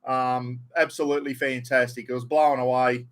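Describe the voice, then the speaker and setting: A man's voice: mid-range voice, level tone, moderate pace. A middle-aged Australian man hosting a casual livestream, greeting viewers by name and chatting about his weekend and the footy. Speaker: livestream host.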